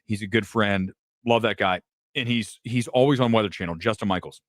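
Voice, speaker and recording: A man hosting a casual live commentary show, animated and profane, jumping from topic to topic. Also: fairly low pitch, a little fast, no echo, clean studio sound. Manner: animated, swearing, jumps between topics. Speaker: host.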